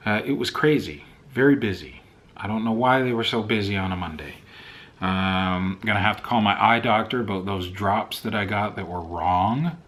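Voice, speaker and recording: Chatty low-voiced man ranting on his vlog. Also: normal speed, a bit bright. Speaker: vlogger. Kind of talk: casual vlog chat. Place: outdoors in wind, then at home. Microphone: camera mic with windscreen.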